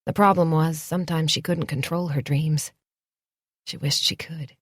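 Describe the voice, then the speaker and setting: This romance audiobook is read by a woman whose voice is husky and pitched very low, her delivery soft, measured and intimate. The tone holds steady throughout, captured close-up in a dry recording without echo.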